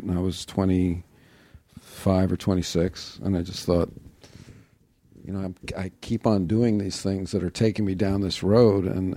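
Man, podcast guest, low voice, mellow tone, wry and self-deprecating, close dry mic. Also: dry recording. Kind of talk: casual interview chat.

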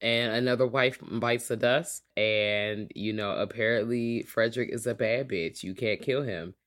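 Co-host with a bright, crisp tone, excitable movie-review chat. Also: mid-range voice. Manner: excitable, quick bursts and mimicked voices. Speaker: podcast co-host.

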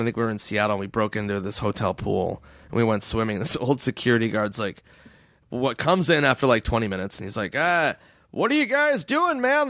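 A man telling stories in casual chat, laughing often, swearing and acting out quotes in a higher voice. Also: no room sound, clean studio sound.

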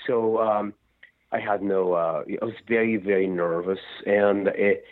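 A man, a rock singer, telling stories in a rambling, animated way during an interview. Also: fairly low pitch, a little slow. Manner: rambling, animated storytelling with restarts. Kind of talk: phone interview. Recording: tinny phone line.

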